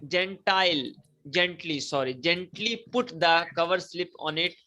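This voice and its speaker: A man's voice: fairly high pitch, measured pace, bright, forceful tone, highs cut off. A male teacher, giving a classroom lecture, repeating key points and asking students to repeat after him. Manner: repetitive, emphatic, prompts students to repeat.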